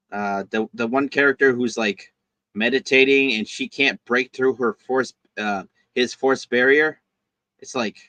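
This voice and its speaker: Host note: man, rambling casual reviewer, bright forceful voice, dry close mic. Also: medium pitch, no room sound. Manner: rambling, halting, with lots of fillers and restarts.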